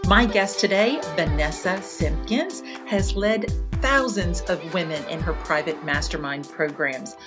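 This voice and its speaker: A middle-aged woman hosting a podcast interview, enthusiastic and effusive, with quick asides to her listeners. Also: on the low side, over music. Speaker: podcast host.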